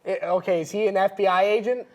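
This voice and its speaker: A woman's voice: mid-range voice, fast, darkish tone. A young woman co-hosting a comedy talk show sketch, easygoing and a bit bewildered.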